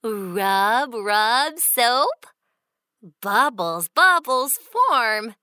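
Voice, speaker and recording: A woman voicing a gentle, doting mother bunny in a children's storybook, talking in a coaxing, soothing way. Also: fairly high pitch, sing-song, smooth, no room sound, studio quality, exaggerated voice. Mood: cheerful coaxing. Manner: sing-song, coaxing, slow and soothing.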